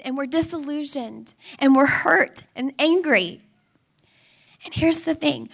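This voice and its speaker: A woman's voice: high-pitched, gravelly. A woman in her thirties giving a sermon, telling family stories and acting out her own pleading and her child's cries. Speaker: speaker.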